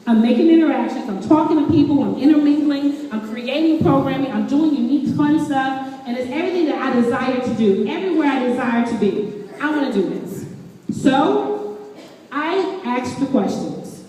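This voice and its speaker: A woman with a high voice gives a lively motivational talk at a moderate pace in an event room set with tables. She's animated and playful, quizzing the audience as she goes. The mic sits far away, so her voice carries a long, echoing hall reverb.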